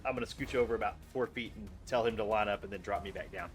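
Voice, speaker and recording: A man playing a tabletop role-playing game, working out his character's plan aloud with pauses. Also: fairly low pitch, faint music behind. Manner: thinks aloud, hesitant planning. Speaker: player.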